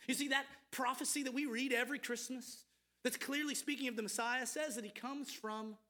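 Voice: sits high, fairly even intonation, fairly quick, sharp tone. A preacher giving a morning sermon, asking listeners earnest rhetorical questions and lifting the voice when reading scripture aloud.

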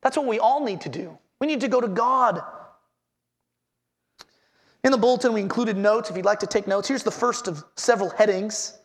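A man's voice: sits high, moderate pace, pauses often. A man preaching a sermon as pastor, earnestly repeating his headings and asking the congregation questions.

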